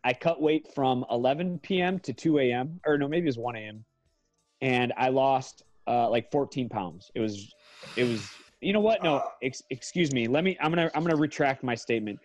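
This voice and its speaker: A man in his thirties talks casually as a podcast guest, swearing freely and correcting his own numbers as he goes. His voice sits at a middle pitch. The sound is dry and close, with little room around it. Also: normal speed, a little mellow, dry recording, soft background music. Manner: profane, rambling, corrects himself often. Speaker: guest, MMA fighter.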